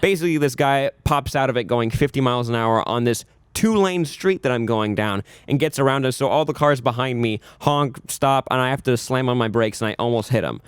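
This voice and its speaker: A man's voice: mid-range voice, brisk, few pauses, smooth, no echo, clean studio sound. A man co-hosting a casual podcast, telling stories in an easygoing way. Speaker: podcast co-host. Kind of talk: casual chat.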